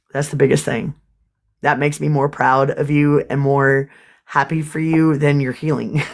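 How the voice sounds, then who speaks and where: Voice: mid-range voice, gravelly. A livestream host chatting casually with viewers, swearing freely and getting emotional.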